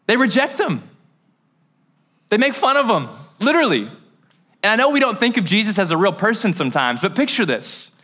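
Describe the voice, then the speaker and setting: A pastor from Mayfield, Kentucky, USA preaches a casual, joking sermon during a church service, tossing in slangy asides. His voice is high-pitched, very animated, brisk and sharp, with frequent pauses, picked up on a handheld or headset mic.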